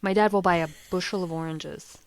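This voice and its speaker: Brisk and lowish with vocal fry, this podcast co-host spins stories in a casual chat. She tells them with animation, performing the voices of the people in them.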